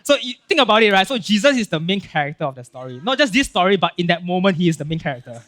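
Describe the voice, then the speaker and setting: A male pastor with a Singaporean English accent giving a casual, animated sermon, acting out Bible scenes and checking in with "right?" and "okay?". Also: high voice, very fast. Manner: casual filler-heavy talk with frequent "right?" and "okay?".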